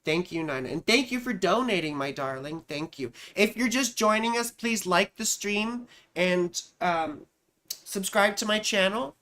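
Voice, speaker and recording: A woman with a medium-pitched, fairly bright voice speaks expressively and a little slowly as she hosts an astrology live stream. She reads viewers' charts in a warm, chatty manner, calls them sweetheart and darling, and thinks aloud while looking for charts.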